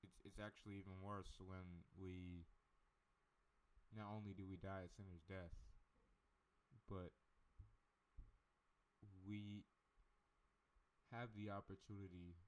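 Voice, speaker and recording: A man's voice: low voice, level tone, slow, long pauses, poor audio. A man reading a Bible book aloud and stopping to comment in a rambling, self-correcting way. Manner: rambling, self-correcting, chuckles between thoughts. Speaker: Bible reader.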